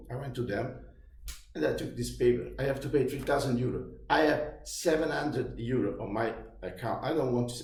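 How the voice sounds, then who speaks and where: A man in his fifties with an Italian accent, a native Italian speaker, venting in a halting, agitated personal monologue full of restarts. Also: medium pitch. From Italy. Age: 50s. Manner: agitated, halting, many restarts, rising to shouts. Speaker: vlogger. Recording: roomy echo.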